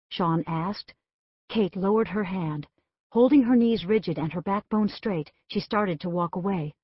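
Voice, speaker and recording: A woman narrating a romance audiobook in a measured, expressive reading voice. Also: fairly low pitch, husky, dry recording. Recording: dull, dry studio recording.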